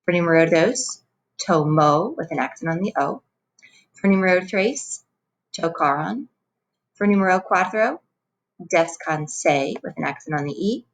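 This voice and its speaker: Low-voiced woman teaching Spanish verbs. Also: animated, measured pace, poor audio. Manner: clear, patient explaining with Spanish words. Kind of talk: recorded classroom lesson.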